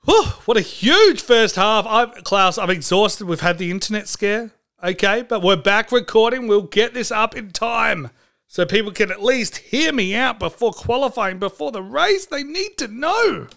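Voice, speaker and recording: A man's voice: sits high, animated, normal speed, gravelly, a bit bright. A man hosting a comedy sports podcast, talking in a jokey, rambling, mock-dramatic way. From Australia. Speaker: podcast host.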